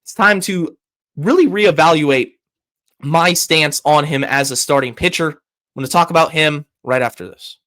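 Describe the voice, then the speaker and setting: A man's voice: on the high side, moderate pace, fairly bright tone. A man hosting a sports podcast, giving heated, opinionated commentary with frequent restarts and stammers.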